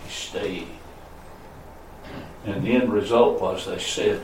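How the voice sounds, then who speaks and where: Male pastor mid-sermon, mid-pitched voice, dramatic swings in volume, captured from across a reverberant room. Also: animated, takes it slowly, long pauses, a little hiss or hum. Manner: preaching with sharp swings between loud high calls and low murmurs. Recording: echoey room, voice from a distance.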